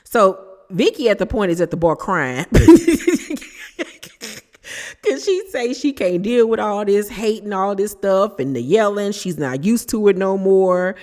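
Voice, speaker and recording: A woman's voice: mid-range voice, animated, normal speed, a little mellow. Sassy woman recapping TV, echoey room. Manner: chatty, emphatic, sassy asides. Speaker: reality TV recap host. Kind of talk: casual opinionated show recap.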